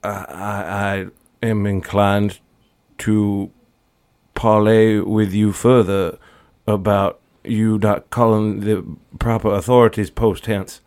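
A man's voice: fairly low pitch, little pitch movement, slow pace, darkish tone, no room sound. A man voicing a nervous young male orphan hustler who stammers in a folksy country drawl. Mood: playing dumb.

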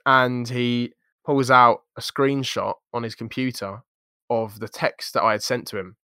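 A young man co-hosting a podcast, telling a story in a lively, jokey, slangy way. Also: mid-range voice, a little slow, clean tone, no room sound, clean studio sound. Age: young adult. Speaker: podcast co-host. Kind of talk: casual storytelling chat.

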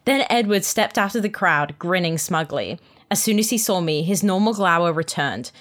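A woman's voice: lowish voice, animated, normal speed, a bit bright. A young woman and podcast co-host reading a fan fiction aloud in the first person, dramatic, with amused asides in the chat. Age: young adult.

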